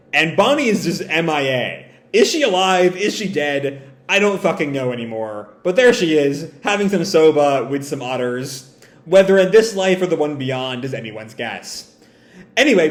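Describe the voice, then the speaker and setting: A man casually reading through a comic chapter and commenting on it, animated and swearing now and then. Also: fairly high pitch. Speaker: comic reader and reviewer. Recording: roomy echo.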